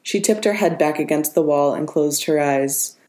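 Low-voiced woman reading an audiobook. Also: moderate pace, a little mellow. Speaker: narrator. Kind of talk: audiobook narration of fan fiction. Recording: roomy reverberant room.

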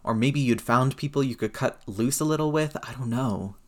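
A man's voice: mid-range voice, moderate pace, close to an everyday voice. A man reading aloud who voices a blunt, swearing, grieving middle-aged aunt comforting her nephew in a storybook reading. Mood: bewildered hurt.

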